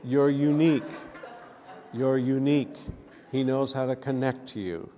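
A man's voice: mid-range voice, fairly even intonation, measured pace, warm tone. Preacher man in a reverberant hall. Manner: storytelling, calls for audience responses. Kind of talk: sermon.

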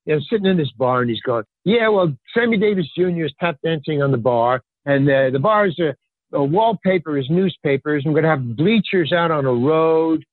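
Husky older man on a tinny line. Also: a little fast, dry recording. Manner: animated, acts out quoted dialogue with pitch jumps; rambling, filler-heavy, restarts sentences. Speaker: guest storyteller. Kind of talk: casual anecdotal storytelling. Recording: tinny phone-line sound, dry.

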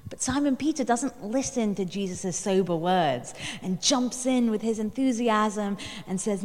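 A woman's voice: mid-range voice, animated, a little mellow. Woman preaching in a reverberant hall. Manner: reflective storytelling with pauses and fillers. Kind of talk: sermon.

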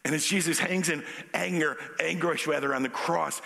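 A male pastor preaching a sermon in an animated, conversational way. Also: a little high, moderate pace, gravelly.

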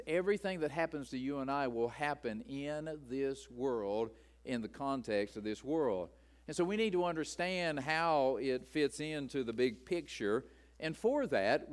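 A man preaching a sermon, speaking emphatically and building his points through repetition. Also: mid-range voice. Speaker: pastor.

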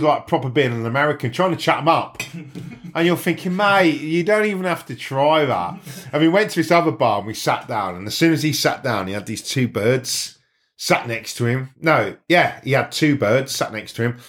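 A man's voice: mid-range voice, a bit bright. A man, a podcast host telling crude stories in casual banter with friends and putting on voices for the people in them. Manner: rowdy storytelling with quoted voices.

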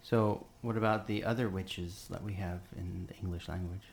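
A man's voice: low-pitched, fairly even intonation, moderate pace, creaky. A man co-hosting a casual podcast lesson as the learner, playful and repeating words back. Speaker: co-host learning the language.

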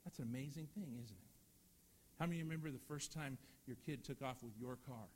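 A man's voice: mid-range voice, brisk, a little hiss or hum. Earnest man preaching a sermon. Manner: earnest preaching, swings from loud emphasis to hushed tones. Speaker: pastor.

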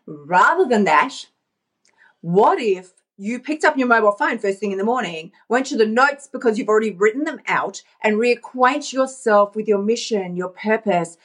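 Chatty, animated woman coach. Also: on the high side, normal speed, hardly any pauses. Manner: animated, chatty, laughs often. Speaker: life coach. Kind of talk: casual motivational talk to camera. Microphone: talking into her phone.

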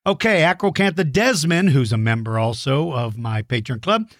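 Answering children's dinosaur questions, the middle-aged host speaks at normal speed with a medium-pitched, expressive voice. His friendly chat is enthusiastic, encouraging and simply explained, in studio quality with no room sound.

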